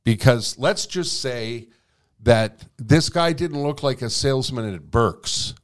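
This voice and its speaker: A man telling a long anecdote as a guest in a conversation, animated and freely swearing. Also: medium pitch, takes it slowly. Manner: animated, profane storytelling. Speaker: guest storyteller.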